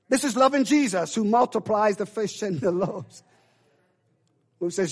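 A middle-aged male pastor preaching a sermon, swinging from loud emphatic declarations to hushed low asides with call-and-response phrases. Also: expressive, normal speed.

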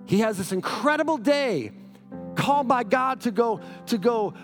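A middle-aged male pastor preaching a sermon, energetic and often asking the congregation questions. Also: very high voice, normal speed, soft background music.

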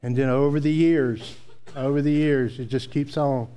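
A man's voice: mid-range voice, steady tone, moderate pace, warm tone, smooth. A male pastor preaching a sermon, telling folksy stories and repeating key phrases for emphasis. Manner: folksy storytelling, emphatic repetition.

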